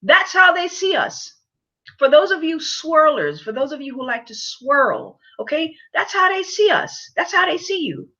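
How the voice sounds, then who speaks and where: Halting, lecturing woman vlogger, lo-fi sound. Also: high-pitched, very animated, pushed and bright. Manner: halting, many fillers and repeated words; emphatic, lecturing the audience. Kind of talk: opinion commentary to camera.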